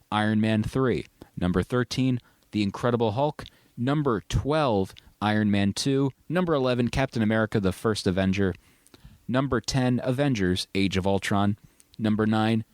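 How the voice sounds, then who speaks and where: Lower-voiced man chatting about movies. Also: no echo, clean studio sound. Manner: enthusiastic, rambling, jokey. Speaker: podcast host. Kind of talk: casual movie review chat.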